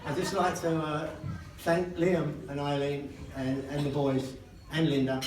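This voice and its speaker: A man's voice: fairly high pitch, flat delivery, unhurried. An older man giving a father-of-the-bride speech, telling self-mocking jokes and laughing between lines. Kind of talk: wedding speech. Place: wedding reception hall, indoors. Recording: echoey hall, distant and noisy.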